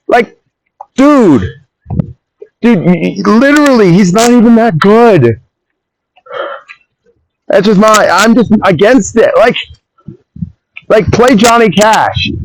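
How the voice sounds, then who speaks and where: A man's voice: sits high, expressive, slow pace, long pauses, slight background noise, rough recording. A man recording a solo podcast on his phone, rambling and ranting with strong opinions in a casual monologue.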